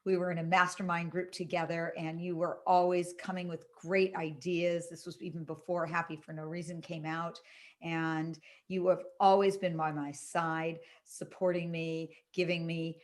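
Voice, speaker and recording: Brief: woman, lower voice, sincere recorded video tribute. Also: flat delivery, normal speed. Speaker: author friend.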